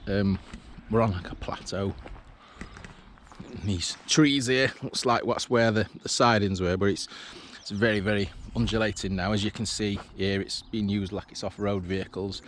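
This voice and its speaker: A man's voice: on the low side, steady tone, normal speed. English man chatting outdoors on a walk. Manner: chatty, thinking aloud with restarts. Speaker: railway exploring vlogger. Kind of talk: casual walking commentary. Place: outdoors on an overgrown disused railway line. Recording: faint outdoor background noise.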